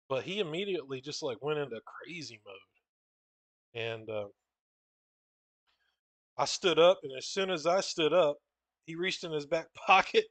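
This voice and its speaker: A young man with a drawl and a fairly high voice tells rambling stories while he draws. He swears freely, calls the listener bro and dude, and sounds dry and close to the mic. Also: fairly bright tone, no echo. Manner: rambling, profane, says "bro" and "dude" a lot. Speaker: comic artist drawing on stream. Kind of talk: casual storytelling while drawing.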